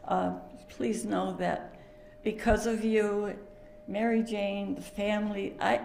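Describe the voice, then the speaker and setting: An older woman giving an emotional memorial speech, halting, with fillers and laughter through tears. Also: medium pitch, level tone, creaky, darkish tone, reverberant, a little hiss or hum. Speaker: family friend giving a eulogy.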